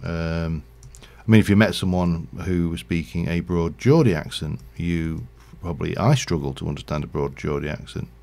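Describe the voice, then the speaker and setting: Male streamer, slight Yorkshire accent, deep voice with a gravelly edge, loose casual commentary. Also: normal speed, hardly any pauses, darkish tone. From Yorkshire, England. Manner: rambling, chatty, self-correcting. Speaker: game streamer. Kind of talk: casual livestream gameplay commentary.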